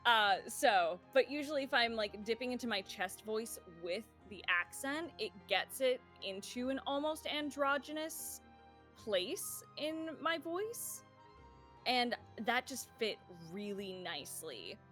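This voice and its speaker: A woman's voice: fairly high pitch, lively intonation, measured pace, fairly bright tone, faint music behind. A woman player of a tabletop game chatting casually about her character's voice, with many fillers and laughs.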